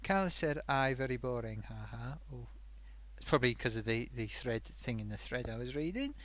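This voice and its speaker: A man's voice: mid-range voice, expressive, normal speed, fairly bright tone, natural voice. A man voicing a chatty talking sock puppet who hosts a live stream. He rambles, reads out viewer comments and hums to himself while he reads.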